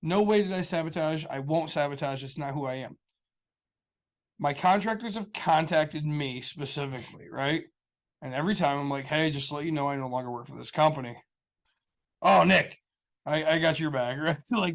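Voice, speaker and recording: A man's voice: on the high side, brisk. Rambling man telling stories. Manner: rambling storyteller, acts out quoted people. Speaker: podcast co-host. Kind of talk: casual chat.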